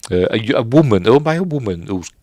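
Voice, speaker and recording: A man's voice: medium pitch, dark tone, dry recording, studio quality. A middle-aged man with a Yorkshire accent, rambling through a casual film commentary, correcting himself and chuckling between fillers. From Yorkshire, England. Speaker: film reviewer, host.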